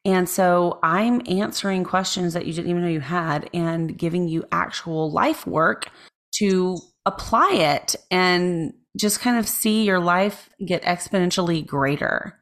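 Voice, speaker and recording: A woman's voice: on the low side, measured pace, fairly bright tone. A woman co-hosting a podcast in casual chat, playful and chatty, with frequent restarts. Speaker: podcast co-host.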